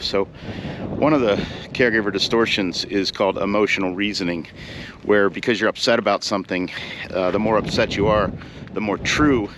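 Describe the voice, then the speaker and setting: A man with a lowish voice speaks casually outdoors at a summit, still out of breath from the climb. He muses and wanders, restarting sentences and leaning on fillers. A faint hiss of noise sits under his voice. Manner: reflective, rambling, with fillers and restarts. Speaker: vlogger, caregiver advocate. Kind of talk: casual talk to camera. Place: outdoors on a mountaintop.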